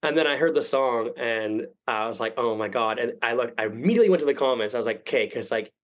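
A man's voice: mid-range voice, quick pace, rough recording. A young man telling a long rambling story on a podcast, swearing often and acting out what people said. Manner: rambling, profane, animated quoting. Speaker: podcast guest. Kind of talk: casual storytelling.

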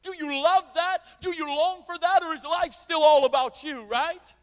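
High-voiced preacher guy at a revival, goes loud then real quiet, church mic. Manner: loud, impassioned, swings between shouting and quiet asides; repeats words in rapid runs. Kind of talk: sermon. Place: church sanctuary with a sound system. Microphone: handheld or stand microphone, volume adjusted by the sound man.

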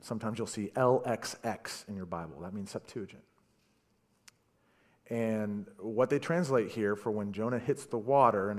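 A man preaching a sermon, retelling a story with animated delivery and stammered repeats. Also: on the low side. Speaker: pastor.

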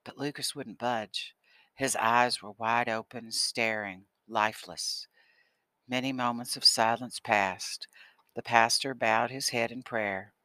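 A man narrating an audiobook in a steady storytelling manner. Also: mid-range voice, slow pace, dry recording. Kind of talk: scripted narration.

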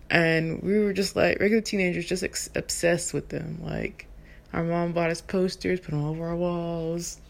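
A woman in her thirties from Texas, a soprano singer, telling a personal story in an animated, chatty way with lots of fillers. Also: on the low side, measured pace, vocal fry. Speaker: vlogger. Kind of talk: casual storytelling.

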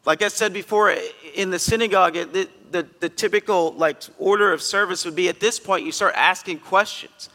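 A male pastor giving a conversational sermon in a church, earnest and emphatic, with sudden loud bursts. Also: high voice, fairly quick, hardly any pauses, in a large hall. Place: church sanctuary.

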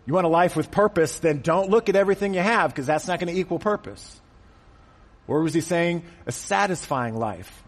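A man's voice: on the high side, long reverb tail. A man preaching a conversational, joking sermon to a congregation in a church. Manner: conversational and joking, acts out quotes. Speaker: pastor. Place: church auditorium.

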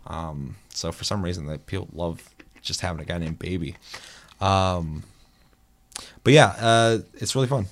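A man with a low voice tells gaming stories in casual chat. He is animated and swears freely. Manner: animated storytelling, heavy swearing.

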